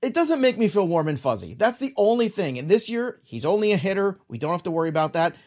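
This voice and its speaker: A podcast co-host chats about sports in a high voice that swings widely in pitch, moving at a quick pace with a slightly mellow quality. He makes his points emphatically, leaning heavily on filler like "look" and "you know."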